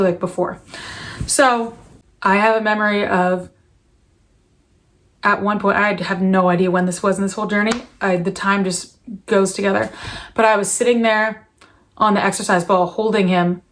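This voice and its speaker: Young woman vlogger, mid-pitched, candid and earnest, lots of fillers and restarts. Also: fairly bright tone. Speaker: vlogger, new mother. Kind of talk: personal confessional vlog.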